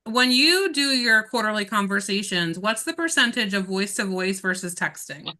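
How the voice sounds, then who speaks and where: A woman's voice: mid-range voice, expressive, normal speed, bright, forceful tone. A woman giving a real estate coaching session over a video call, talking directly and with emphasis to her listeners.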